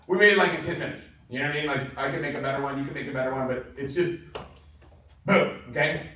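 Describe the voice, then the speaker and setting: A man giving an energetic, enthusiastic sales training talk to a room, laughing often between points. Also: a little high, fast talker, slight background noise. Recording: very echoey room heard from far off.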